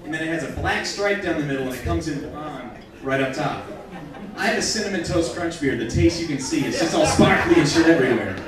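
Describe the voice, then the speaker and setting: A man's voice: a little high, a little fast. A young man doing a stand-up comedy set in a bar, telling crude jokes with brash punchlines. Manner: crude, brash punchlines with lively swings in loudness. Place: bar venue with a live audience. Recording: echoey bar room, distant mic, crowd noise. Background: crowd reactions.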